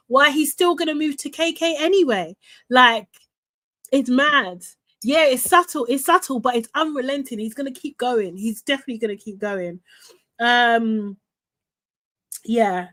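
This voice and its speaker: Chatty animated woman host, slightly high. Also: measured pace. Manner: chatty and animated, laughs often, many fillers. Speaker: host recapping a reality show. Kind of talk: live casual chat to viewers.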